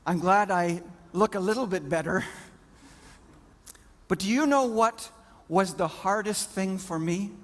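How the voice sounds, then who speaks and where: A middle-aged man giving a motivational keynote, telling a story with dramatic pauses. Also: sits high, a bit bright. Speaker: keynote speaker.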